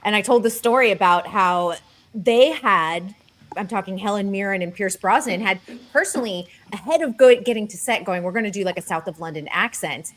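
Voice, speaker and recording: A woman's voice: mid-range voice, brisk, a bit bright, slight background noise. A woman co-hosting a casual chat, telling stories in a chatty way with lots of "like". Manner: chatty storyteller, uses "like" often. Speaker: co-host.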